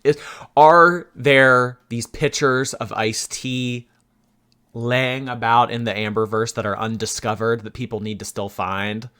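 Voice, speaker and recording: A man hosting a chatty commentary vlog, talking in a playful, animated way with jokey asides. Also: medium pitch, a little slow, clear, resonant tone. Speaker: YouTube commentary host.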